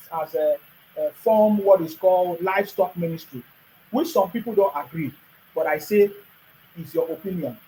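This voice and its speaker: A man's voice: high-pitched, mellow, a little hiss or hum, rough recording. Combative Nigerian man ranting. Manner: combative, ranting, addresses critics directly; repeats and restarts phrases for emphasis. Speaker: political commentator. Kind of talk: monologue to camera.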